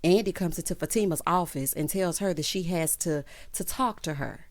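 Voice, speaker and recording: A young adult woman giving a sassy, animated recap of a TV episode, tossing in "child" and "honey". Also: on the low side, moderate pace. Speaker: TV recap vlogger. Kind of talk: casual TV recap commentary.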